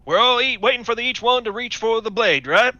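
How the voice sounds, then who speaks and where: A man's voice: extremely high pitch, lively intonation, a little fast, sharp tone, no echo, highs cut off, exaggerated voice. A man playing a flirtatious, swaggering smuggler in a tabletop game, talking in a folksy drawl. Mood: chummy.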